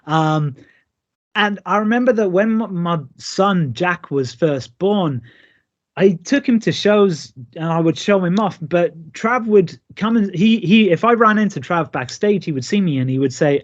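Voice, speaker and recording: A man's voice: high-pitched, measured pace. A man in his thirties, a pro wrestler, telling stories in a remote interview and acting out the lines he quotes. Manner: lively, acts out quoted lines. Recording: dull lo-fi call audio.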